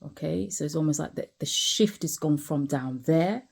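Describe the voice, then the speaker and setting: A woman speaks in a low, dark, gravelly voice. She is tired and talks candidly, with lots of asides to the listener and repeated phrases. She is sitting outside while she vlogs. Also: normal speed. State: tired, yawning. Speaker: vlogger. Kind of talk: reflective personal vlog.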